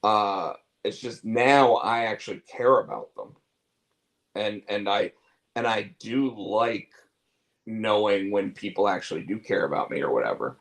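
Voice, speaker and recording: A man's voice: lowish voice, measured pace, gravelly, fairly bright tone, low-quality recording. Guy on a chat show rambling, lots of "like" and restarts, swears easy. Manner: rambling, repeats words and fillers; candid, swears casually. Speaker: podcast co-host. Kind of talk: casual chat.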